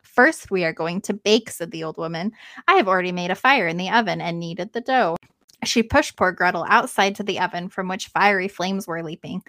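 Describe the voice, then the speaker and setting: A woman's voice: lowish voice, fairly quick, a bit bright, no room sound, clean studio sound. A woman co-hosting a podcast, reading a fairy tale aloud and breaking off to joke and comment on it. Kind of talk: casual read-aloud with banter.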